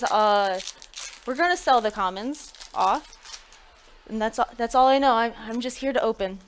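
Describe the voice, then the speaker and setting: A woman's voice: on the high side, unhurried, a little hiss or hum. A woman chatting casually on a live stream while opening card packs, thinking aloud and laughing between remarks. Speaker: live-stream pack opener.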